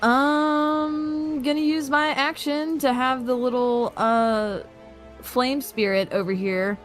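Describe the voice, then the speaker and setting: A woman's voice: sits high, steady tone, takes it slowly, soft background music. A woman playing a tabletop game, chatty and self-deprecating. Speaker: player.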